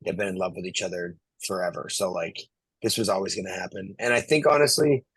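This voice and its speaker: Deep husky man, blunt and sure. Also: fast talker, a bit bright, no echo, poor audio. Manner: confident, blunt predictions. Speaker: podcast co-host. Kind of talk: casual sports chat.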